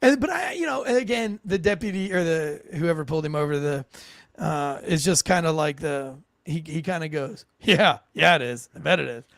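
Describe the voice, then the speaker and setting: Gravelly, high-pitched man telling cop stories. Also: normal speed, dry recording, studio quality. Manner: animated, swearing, acts out the people in his stories. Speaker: podcast co-host, former police officer. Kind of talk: casual storytelling chat.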